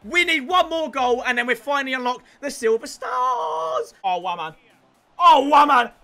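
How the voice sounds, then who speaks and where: A young man giving excited gameplay commentary, breaking into sudden shouts and repeating catchphrases. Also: very high voice, normal speed. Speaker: gaming YouTuber.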